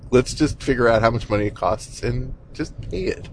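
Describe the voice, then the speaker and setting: A man's voice: medium pitch, moderate pace, slight background noise, poor audio. A man talking casually in a rambling, conversational way, with lots of fillers and a blunt, exasperated edge. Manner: exasperated, blunt, mild swearing. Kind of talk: casual monologue.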